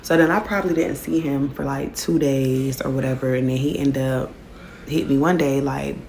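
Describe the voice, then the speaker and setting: A woman's voice: a bass voice, fairly even intonation, moderate pace, creaky, darkish tone, slight background noise. A young woman telling a casual storytime, slangy and loose, filling her speech with "like" and "whatever".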